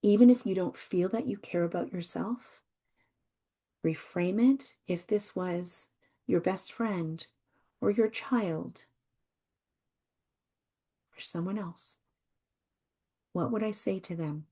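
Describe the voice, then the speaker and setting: Slow, soft-spoken woman host. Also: on the low side. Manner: soft, slow, reassuring, repeats phrases. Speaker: podcast host. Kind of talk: gentle self-help talk.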